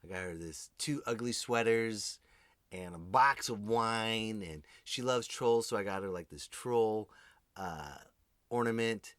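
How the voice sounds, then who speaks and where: A man hosting a podcast, delivering an animated comedic monologue, swearing freely and talking straight to his listeners. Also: fairly low pitch, a little slow, no room sound, clean studio sound. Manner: addresses listeners directly. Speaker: podcast host.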